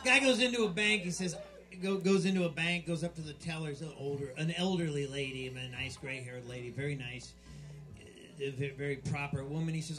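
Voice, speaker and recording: A man doing stand-up, telling dirty jokes in a rambling, stumbling way with loud punchlines, live in a small club. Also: a little high, brisk, faint music behind. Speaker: stand-up comic.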